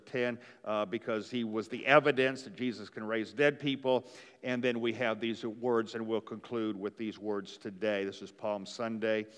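A man preaching a sermon in a relaxed, conversational way, often stopping on fillers and restarting his phrases. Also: mid-range voice, clean tone, big-room sound. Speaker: pastor.

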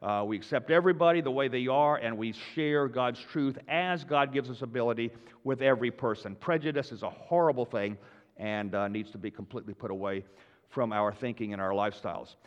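Pastor teaching in a reverberant hall. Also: male voice, mid-range voice, fairly quick. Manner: conversational, many fillers and restarts, rising for emphasis. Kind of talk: sermon teaching. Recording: dull sound in a long-reverb hall.

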